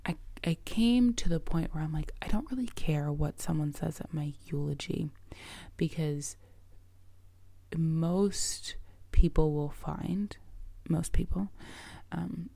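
A middle-aged woman with a low, gravelly voice hosts her own podcast as a coach. She speaks slowly and earnestly, often sinking into a soft, breathy near-whisper, and her tone is dark and mellow. The sound is dry and close. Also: dry recording. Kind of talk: reflective solo podcast talk.

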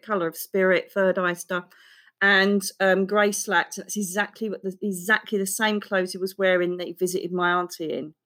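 A woman's voice: medium pitch, sharp tone. A woman, a psychic and author, telling her story frankly and earthily as a podcast guest. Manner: frank and earthy, with mild swearing and restarts. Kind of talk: candid storytelling in an interview.

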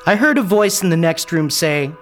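Animated man narrating a story. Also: fairly high pitch, normal speed, soft background music. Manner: lively, wry storyteller. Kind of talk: first-person story narration.

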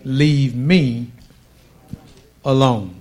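Slow, emphatic male preacher. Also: medium pitch. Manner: slow, drawn-out preaching cadence with emphatic pauses; forceful declarations. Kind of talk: sermon.

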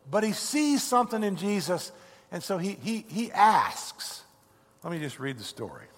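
Male pastor, earnest sermon, animated pitch, long hall reverb. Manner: earnest, stumbling restarts. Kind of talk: sermon with a story read aloud.

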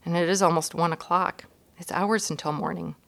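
A woman's voice: fairly low pitch, steady tone, fairly quick, gravelly, a bit bright. A woman voicing an anxious, caring mother in a children's storybook reading, soothing and worried.

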